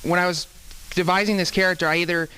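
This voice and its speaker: A man's voice: high-pitched, steady tone, fast, over a noisy crowd, rough recording. A man, a student actor, chatting casually in an interview, rambling with many restarts.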